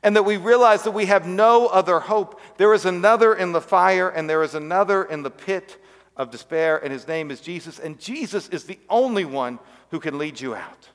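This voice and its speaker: A male pastor with a slightly high voice preaches a sermon at a moderate pace, framing it as a story. On the most important words he drops to a soft hush, and his voice fades into a long reverb that fills the church sanctuary.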